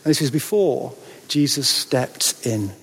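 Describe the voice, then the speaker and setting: A man preaching a sermon in a church, dramatic, with rhetorical questions and pauses for effect. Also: mid-range voice, expressive, creaky, husky. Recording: long reverb of a large hall.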